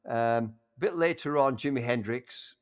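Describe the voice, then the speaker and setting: An older man reminiscing in a casual conversation, halting with frequent restarts and warmly enthusiastic. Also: mid-range voice, clean tone. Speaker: interview guest.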